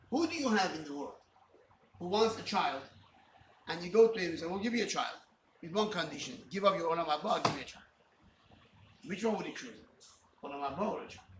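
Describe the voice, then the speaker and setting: Male rabbi, high and animated, acting out scripture dialogue; echoey hall, mic at a distance. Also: a little hiss or hum. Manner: animated, acts out dialogue with God; mixes Hebrew and Yiddish terms into English. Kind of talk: Torah class. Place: study hall. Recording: roomy, from a distance.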